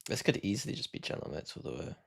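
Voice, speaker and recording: Man, streamer, low voice, heavy vocal fry, offhand muttering. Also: big pitch swings, racing. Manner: offhand, muttering to himself while setting up. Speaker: streamer and coach. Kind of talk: casual livestream chat.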